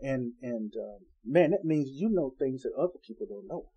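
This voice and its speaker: A man's voice: mid-range voice, animated, moderate pace, mellow, husky, muffled recording. A man preaching an informal Bible-study sermon in a folksy, conversational way, acting out the people he quotes.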